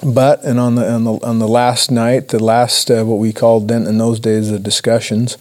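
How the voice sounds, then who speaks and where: A man giving a personal testimony talk to a church audience, earnest and halting with many restarts. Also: mid-range voice, level tone, darkish tone. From Idaho, USA. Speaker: church speaker.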